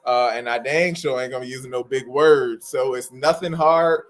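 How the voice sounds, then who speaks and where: A man's voice: mid-range voice, normal speed, faint music behind. A man hosting a livestream for sign language interpreters, talking casually and informally to viewers, often repeating phrases for emphasis. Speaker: host of an interpreting practice livestream.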